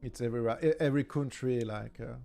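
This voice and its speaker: A man with a southern French accent, a native French speaker, chatting casually as a streamer in halting English and searching for words. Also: medium pitch, vocal fry, dark tone, faint music behind. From southern France. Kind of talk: casual chat.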